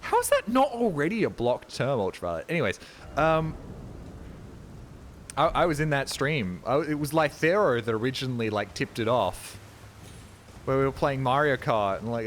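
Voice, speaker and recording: Young Australian male streamer, casual rambling chat, mid pitch. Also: expressive, moderate pace, slight background noise. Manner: rambling, joking, chatting to viewers. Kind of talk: casual chat while gaming.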